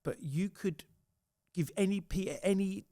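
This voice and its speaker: A man's voice: sits high, a little slow, no room sound, clean studio sound. A man hosting a casual chat, telling swear-laden stories with acted-out quotes. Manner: swears freely, animated storytelling with acted quotes. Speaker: podcast host.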